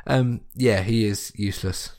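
A man's voice: fairly low pitch, a little slow, a little mellow. A man co-hosting a podcast, bantering wryly and swearing casually while recapping a sitcom. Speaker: podcast co-host.

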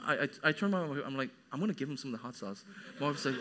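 A young man preaching a sermon as a pastor, animated, acting out quoted voices. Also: on the high side, very fast.

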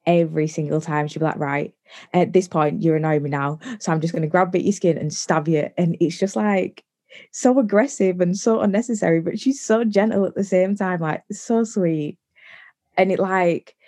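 Young woman, low pitch, chatty storytelling, filler-heavy. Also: a little mellow. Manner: chatty, many likes, quick bursts of laughter-ready storytelling. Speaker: podcast guest. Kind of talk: casual storytelling.

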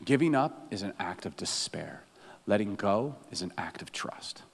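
Lively, joking male pastor in reverb. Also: low-pitched, moderate pace, vocal fry, slightly rough. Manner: animated and humorous, laughs often. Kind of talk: sermon.

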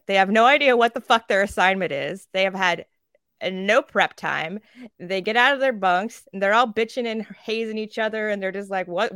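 A woman co-hosting a podcast, talking in a casual, animated way and swearing often. She slips into quick impressions of the people she describes. Her voice sits at a middle pitch, and the recording sounds very dry and close to the mic. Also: clear, resonant tone, dry recording. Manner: animated, swears freely, acts out quoted characters. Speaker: podcast co-host.

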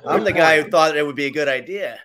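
A man's voice: fairly high pitch, fast, crowd noise. A man hosting a casual chat, rambling and self-mocking, often laughing.

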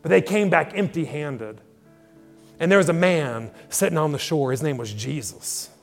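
A man's voice: a little high, expressive, normal speed, vocal fry. A male pastor preaching a sermon, dramatically acting out scripture dialogue. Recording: long hall reverb with faint music.

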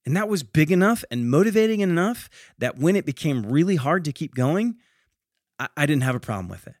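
A man's voice: a little high, big pitch swings, brisk, no echo. Chatty man hosting a podcast, dry sound. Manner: chatty, tags lines with "okay?" and "right?", stammers on restarts. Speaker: podcast host. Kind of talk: casual motivational podcast talk.

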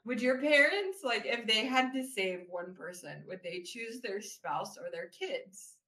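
A woman's voice: fairly high pitch, expressive, measured pace, pushed and bright, roomy sound, slight background noise. A woman co-hosting a podcast, chatting casually about a show and filling her talk with "like.". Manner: chatty, many "like" fillers. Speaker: podcast co-host. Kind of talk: casual chat recapping a show.

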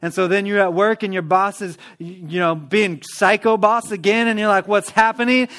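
A man preaching a sermon in a church, in a lively, conversational manner that acts out everyday prayers. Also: high voice, moderate pace. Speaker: pastor.

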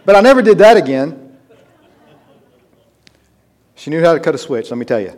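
A man's voice: a little high, sing-song, moderate pace, darkish tone, some chatter behind. A man preaching a sermon, telling a personal story in a conversational way that builds to emphatic urgency.

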